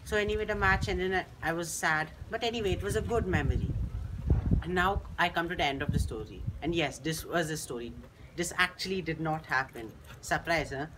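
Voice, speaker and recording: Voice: mid-range voice, fairly quick, background noise. A teenage student, telling a story in a chatty, rambling way with frequent restarts. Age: teens. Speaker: school student. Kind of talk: casual storytelling monologue.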